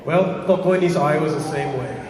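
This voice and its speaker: Male live storyteller, lively, talks to the crowd; far mic, big echoey hall. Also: fairly high pitch, normal speed. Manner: lively, asks the audience questions. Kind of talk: oral storytelling to a live audience. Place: large hall with a live audience.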